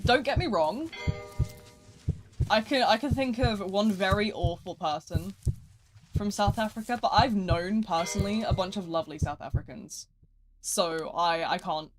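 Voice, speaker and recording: A British live streamer chatting casually and rambling while gaming, swinging between loud asides and quiet mutters. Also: medium pitch, measured pace, pauses often, background noise.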